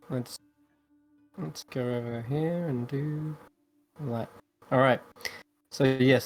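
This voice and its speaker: A man of middle pitch guides his players through an online tabletop game. He narrates in a loose, chatty way, pausing on fillers as he sets each scene. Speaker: game master. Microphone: home microphone on an online call.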